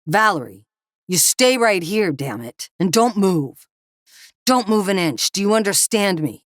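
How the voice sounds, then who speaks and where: A woman voicing a frantic young father in a storybook reading, hoarse and commanding, later soft with his wife. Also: low voice, moderate pace, dry recording, studio quality. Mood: furious. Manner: roaring, then stammering and gentle.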